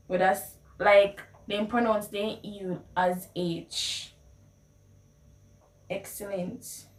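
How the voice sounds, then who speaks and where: A Jamaican woman hosting a casual language lesson, playfully repeating phrases. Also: mid-range voice. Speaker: video host. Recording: echoey room, mic at a distance.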